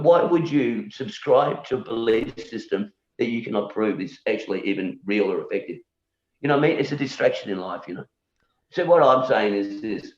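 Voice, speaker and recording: Rambling low-voiced man on a video call. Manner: rambling, repeats words, keeps asking "you know?"; argues his point and challenges beliefs. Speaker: guest, musician. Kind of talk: casual conversation. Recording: echoey room, dull lo-fi sound.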